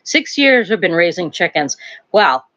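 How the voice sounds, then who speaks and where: An older woman talks in a loose, rambling way as she hosts a live stream from home, laughing often between thoughts. Her pitch jumps up and down freely. The sound is dull and lo-fi, like audio from a live stream. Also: sing-song, measured pace, fairly bright tone. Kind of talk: casual live-stream chat. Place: home, near a wood stove.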